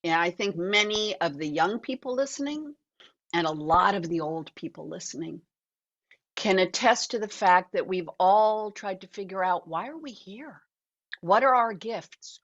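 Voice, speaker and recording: An older woman, an actor and author appearing as a guest, shares animated, reflective stories during a conversational interview held over a video call. Her voice is mid-range and her pace measured, and the audio has its highs cut off.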